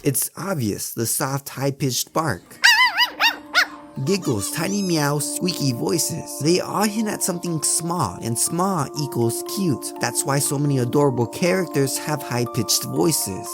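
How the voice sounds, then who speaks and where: A man with a fairly high, lively voice narrating a scripted video essay. He keeps asking the listener rhetorical questions. Clear background music plays under him. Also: unhurried. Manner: asks many rhetorical questions.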